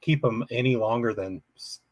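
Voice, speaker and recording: A man hosting a casual livestream chat, talking in halting bursts with many restarts. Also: medium pitch, a little mellow, dry recording. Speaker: livestream host.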